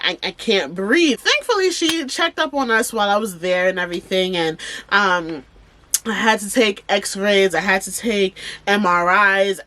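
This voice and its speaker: A young woman speaks candidly to camera. She tells her own story emphatically, calling out to her viewers, and her voice is bright and ringing at a middle pitch. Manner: emphatic and animated, addressing viewers directly. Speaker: vlogger.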